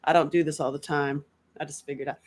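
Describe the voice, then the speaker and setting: A woman's voice: deep voice, fairly even intonation, fast. A woman giving a casual, unscripted self-help talk as a workbook author, candid and emotional, rambling with many fillers and restarts.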